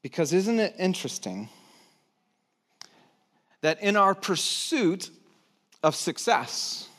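High-voiced male pastor preaching softly. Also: expressive. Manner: conversational, pausing often, drops low and soft at phrase ends. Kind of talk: sermon. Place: church sanctuary.

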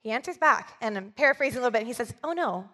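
Woman preacher, conversational sermon delivery, slightly high voice, church reverb. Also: rapid-fire, pushed and bright. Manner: conversational, asks the audience for agreement. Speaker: communications director, preacher.

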